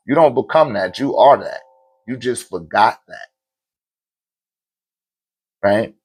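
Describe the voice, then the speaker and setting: A man hosting a live stream in a relaxed, conversational way, speaking in an average-pitched voice. He keeps checking in with listeners as he explains things. When he chants lists of names, he falls into a rhythm and becomes more animated. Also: slow pace, pauses often, slightly rough. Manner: loose, conversational, with rhetorical check-ins. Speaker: livestream host answering viewer questions on spirituality. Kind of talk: casual spoken teaching on a live stream. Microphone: streaming mic.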